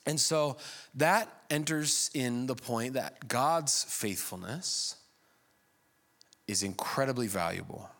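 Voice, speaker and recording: A male pastor delivering a conversational sermon at a middle pitch. He speaks plainly and warmly engages his listeners, breaking into self-deprecating, animated asides. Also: slow pace.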